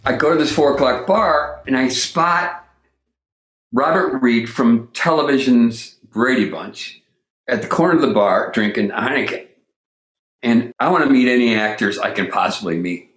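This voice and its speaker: A man telling a funny personal story in a casual, animated way and acting out the voices he quotes. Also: medium pitch, moderate pace, echoey room, faint music behind. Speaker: comedic actor telling a story.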